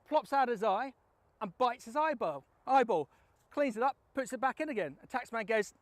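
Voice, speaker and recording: A man's voice: very high voice, lively intonation, normal speed, a little hiss or hum. A man hosting a casual video blog, chatty and enthusiastic. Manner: chatty, enthusiastic, frequent "fantastic". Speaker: recruitment firm host.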